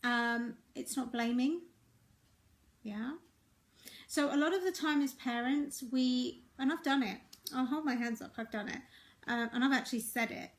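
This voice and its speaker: A middle-aged woman, a relationship and life coach, talking viewers through feelings in a gentle, reassuring way that keeps checking in with them. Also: high voice, unhurried.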